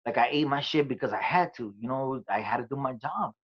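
A man in a relaxed interview tells his own story in loose, profane street talk. He drops in the lines other people said as he goes. The recording is a bit dull and lo-fi, and his voice sits in a middle register. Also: medium pitch, fairly quick. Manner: swearing, streetwise storytelling with quoted dialogue. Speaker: interview guest, comedian.

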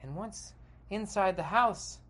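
A man's voice: high voice, slow, a bit bright. A man hosting a podcast, narrating a comedic guided visualization in a playful, dramatic way with sound effects. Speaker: podcast host.

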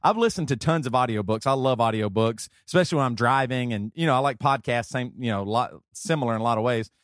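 A man with a Southern accent hosting a podcast, talking in a rambling, excitable way and laughing often. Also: mid-range voice, fast, no room sound, studio quality. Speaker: podcast host. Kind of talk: casual chat.

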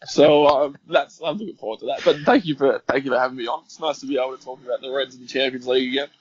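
A man's voice: medium pitch, very fast, husky, dry recording. A man talking as a podcast guest, giving articulate, analytical football talk at length. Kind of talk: casual chat. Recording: dry, dull lo-fi sound.

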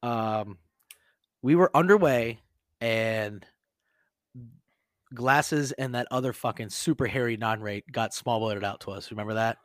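Man, casual podcast co-host, swears a lot, mid-pitched voice, dry close sound. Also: unhurried, long pauses, no echo. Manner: profane, animated storytelling with shouted quotes. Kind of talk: casual storytelling chat.

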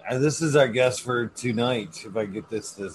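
A man hosting a casual livestream chat, relaxed and reflective. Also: medium pitch, normal speed, a little hiss or hum, low-quality recording. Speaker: livestream host.

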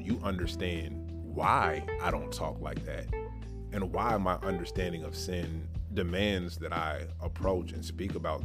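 A man hosting a casual Bible podcast, talking playfully and emphatically in slangy asides. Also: deep voice. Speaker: podcast host. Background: background music.

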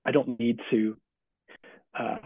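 Middle-aged man, author guest, halting speech, dry close sound, tinny phone-like audio. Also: mid-range voice, little pitch movement, breathy edge, dry recording. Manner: halting, many restarts and fillers, laughs easily. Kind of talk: casual interview answers.

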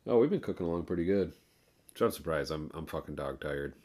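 A very deep-voiced man in his thirties co-hosts a podcast. He trades laid-back, profane banter with his partner. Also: expressive, fast talker, darkish tone. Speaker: podcast co-host. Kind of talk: casual chat.

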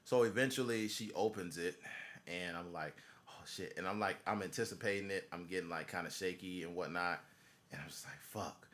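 A man's voice: deep voice, a little fast, fairly bright tone. A man in his thirties hosting a podcast, telling a story in a casual, profane way and laughing as he goes. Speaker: podcast host.

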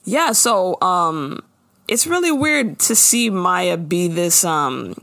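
A woman's voice: on the low side, big pitch swings, slow pace, a bit bright, no room sound. A woman co-hosting a casual chat show, steering the talk and recapping an episode in a chatty, laughing way. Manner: chatty, laughing, leads the segments. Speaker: podcast co-host.

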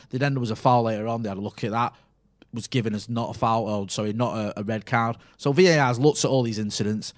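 A man co-hosting a casual football podcast, ranting about a rival manager in a rolling list of complaints. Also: lowish voice. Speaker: podcast co-host.

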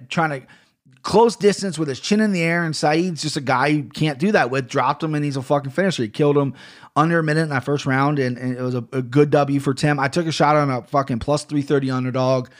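Profane podcast guy ranting casually into a studio mic, voice on the higher side. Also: a little fast. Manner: blunt, profane, rambling. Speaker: podcast host. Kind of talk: casual podcast rant and fight recap. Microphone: studio microphone.

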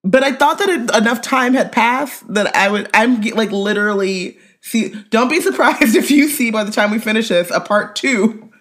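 Animated woman co-host, casual. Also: fairly high pitch, normal speed. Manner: animated, laughs often, emphatic. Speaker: podcast co-host. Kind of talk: casual chat.

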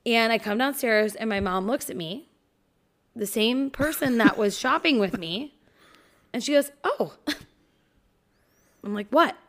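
A woman's voice: on the high side, moderate pace. A woman in her thirties co-hosting a casual podcast, telling a story with plenty of swearing and acting out the people in it. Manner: swears freely, acts out quoted people when telling stories. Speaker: podcast co-host. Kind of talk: casual chat.

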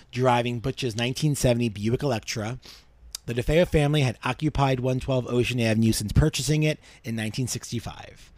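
A male podcast host telling a true-crime story in a measured way, dropping low for grim details. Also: a little mellow, no echo.

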